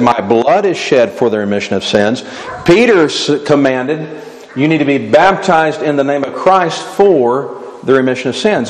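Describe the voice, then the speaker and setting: A man preaching a sermon, asking rhetorical questions and answering them, voicing imagined objectors as he goes. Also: mid-range voice. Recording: long hall reverb.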